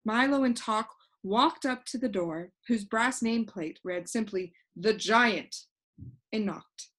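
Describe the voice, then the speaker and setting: A woman narrating a children's storybook in a clear, even, gently paced reading. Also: fairly high pitch, measured pace. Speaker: audiobook reader.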